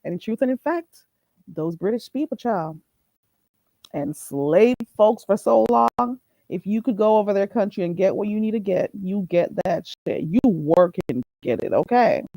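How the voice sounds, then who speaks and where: A woman hosting a casual livestream, spinning gossipy stories with lots of energy. Her voice is warm and mellow, and it sounds dry and close with no room around it. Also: mid-range voice, dry recording, rough recording. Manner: animated gossipy storytelling, quick laughs. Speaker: livestream host. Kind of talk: casual livestream chat, reading viewer comments.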